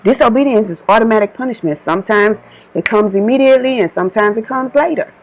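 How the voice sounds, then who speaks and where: A woman's voice: on the high side, fast talker, rough recording. A woman delivering an informal channeled spiritual message, emphatic and repetitive, switching between her own words and quoted divine warnings.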